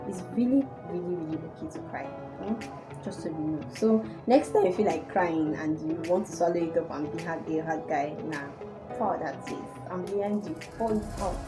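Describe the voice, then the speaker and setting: A woman's voice: on the low side, rough recording. A young woman telling a personal story casually to her viewers. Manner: animated storytelling. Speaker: vlogger.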